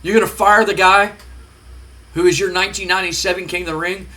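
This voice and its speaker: A cocky male pro wrestler , put on by a man, rants in a sharp, forceful voice pitched a touch high. He boasts and taunts with heat and defiance. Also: fairly even intonation, quick pace. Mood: taunting.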